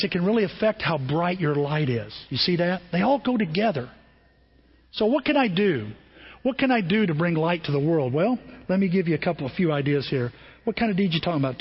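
A man's voice: high voice, breathy edge. A man preaching a sermon as a pastor, talking conversationally and asking the congregation questions. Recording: lo-fi with long hall reverb.

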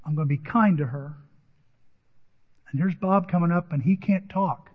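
A middle-aged man preaches a sermon, telling a personal story with quoted conversations. His voice sits a little higher than most men's. The audio is dull and carries a long reverb, as in a big church hall. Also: moderate pace. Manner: personal anecdotes with quoted dialogue, earnest. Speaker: pastor.

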